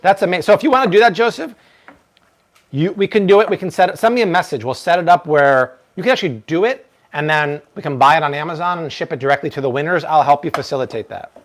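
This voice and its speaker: Man, thirties, cooking show host, live stream demo, upbeat and chatty, slightly high voice. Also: quick pace. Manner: energetic, chatty, mixes in playful broken Spanish.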